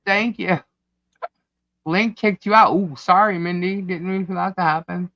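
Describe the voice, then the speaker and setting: A man with a New York accent co-hosting a casual livestream, reading chat comments out loud in a scattered, distracted way. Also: sits high, steady tone, a little slow, vocal fry, no room sound, highs cut off. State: hiccups. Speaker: livestream co-host. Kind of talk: casual live-stream chat.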